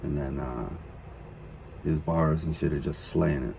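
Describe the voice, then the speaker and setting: A man's voice: very deep voice, measured pace, creaky, heavy background noise. A man giving casual, rambling commentary while reacting to a song, with many fillers. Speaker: reaction video host.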